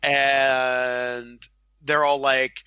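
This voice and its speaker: A man's voice: medium pitch, little pitch movement, drawn-out words, pushed and bright, clean tone, no echo, lo-fi sound. A man co-hosting a casual film podcast, enthusiastic, laughing often and acting out movie lines. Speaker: podcast co-host.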